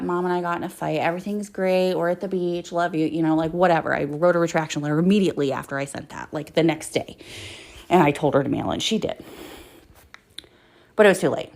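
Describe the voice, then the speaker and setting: A woman with a low voice and a gravelly, fry-edged texture tells her own story on a podcast. She talks bluntly and rawly, swears freely and leans on fillers as she goes. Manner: raw and blunt, heavy swearing, many fillers. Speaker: podcast host telling her life story. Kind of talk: candid personal storytelling.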